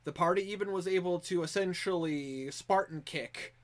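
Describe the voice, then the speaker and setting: A man's voice: sits high, normal speed. A man running an online tabletop game over a voice call, chatting with his players and then recapping the story, laughing often and restarting phrases. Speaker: game master. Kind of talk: casual chat and recap narration of a tabletop game.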